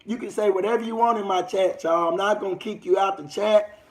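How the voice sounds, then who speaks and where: A man's voice: high voice, fairly even intonation, fairly quick. A young man with a Southern US accent, hosting a casual livestream and talking loosely to his viewers in rambling street slang. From United States. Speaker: livestream host.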